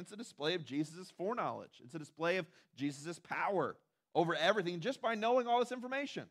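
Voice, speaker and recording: A man's voice: high-pitched, a bit bright. A man preaching a sermon in a conversational way, with asides to the congregation and acted-out quotes. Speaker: pastor.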